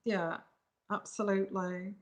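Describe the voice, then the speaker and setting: A woman's voice: medium pitch, little pitch movement, unhurried. A woman reading tarot on a live stream, giving frank, emphatic advice straight to viewers over a phone. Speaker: tarot reader.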